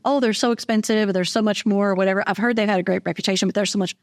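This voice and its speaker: A middle-aged woman, a real estate agent, speaks quickly and chattily in a relaxed interview, jumping in with agreement and advice. The sound is close and dry. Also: medium pitch, no echo. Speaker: realtor guest. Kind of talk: casual podcast interview.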